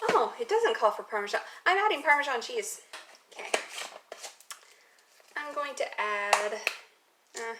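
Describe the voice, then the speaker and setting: A woman's voice: fairly high pitch, sing-song, unhurried, long pauses. A young woman talking casually through a recipe in her home kitchen, rambling and poking fun at herself as she goes. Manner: rambling, self-mocking asides. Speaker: cooking vlogger. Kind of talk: casual cooking demo chat. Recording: noisy home kitchen audio.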